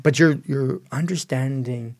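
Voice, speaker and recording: Male co-host, gravelly voice, loose rambling explainer. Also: mid-range voice, measured pace. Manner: rambling, explanatory, many fillers. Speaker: podcast co-host. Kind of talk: casual ministry discussion.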